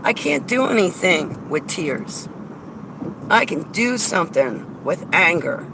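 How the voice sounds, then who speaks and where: Woman ranting bluntly by her car, argumentative, loud street traffic behind. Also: on the low side, big pitch swings, slow, vocal fry. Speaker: vlogger. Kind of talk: casual venting vlog. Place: in and around a car outdoors. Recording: outdoor traffic noise.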